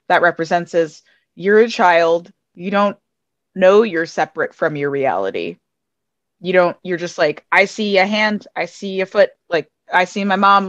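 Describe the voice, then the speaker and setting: An American woman talks through an idea on a podcast, circling and restarting as she goes. Her voice sits a little low for a woman. It comes across dry and slightly dull, like a lo-fi recording. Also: dry recording. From United States. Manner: rambling, restarting thoughtful explainer. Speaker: podcast guest. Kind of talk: casual podcast discussion.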